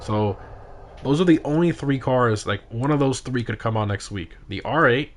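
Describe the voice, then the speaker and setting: Excitable male gaming streamer. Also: medium pitch, normal speed. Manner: excitable, frequent exclamations during races. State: tired, yawning. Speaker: livestream host of game car meets. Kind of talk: casual gaming livestream commentary.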